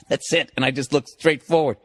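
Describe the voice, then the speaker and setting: A man telling a story as a stand-up comedian, profane and ranting, building up to loud outbursts. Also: medium pitch.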